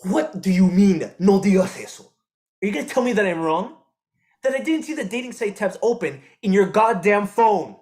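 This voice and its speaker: A man's voice: sits high, lively intonation, moderate pace, a little mellow. A young actor playing an eighteen-year-old son who confronts his cheating father, swearing and slipping into Spanish words on a theatre stage. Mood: furious. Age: young adult. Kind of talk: live student stage drama.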